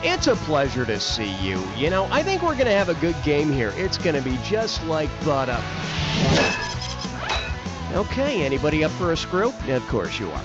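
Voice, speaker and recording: Wisecracking male quiz host, lively delivery, lo-fi game audio over loud music. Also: fairly high pitch. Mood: snarky. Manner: snarky, rapid-fire jokes, taunting players. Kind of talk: video game voice acting.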